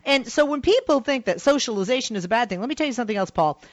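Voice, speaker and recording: A woman's voice: fairly high pitch, animated, rapid-fire, no room sound, highs cut off. A woman hosting a call-in radio show in casual chat, telling stories with lots of fillers. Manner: chatty storyteller, many fillers. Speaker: radio talk show host. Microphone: studio microphone.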